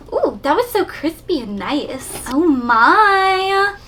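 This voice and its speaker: A woman's voice: sits high, sing-song, takes it slowly, slight background noise. A young woman chatting through an unboxing video, bubbly and gushing, with frequent gasps and giggles. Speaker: unboxing vlogger. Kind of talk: casual unboxing chat.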